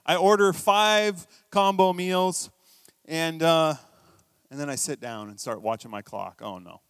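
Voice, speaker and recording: Storytelling pastor with a dry close sound. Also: male voice, a little high, unhurried, smooth, no echo. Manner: conversational storytelling preacher, swings between quiet asides and emphatic bursts. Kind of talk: sermon.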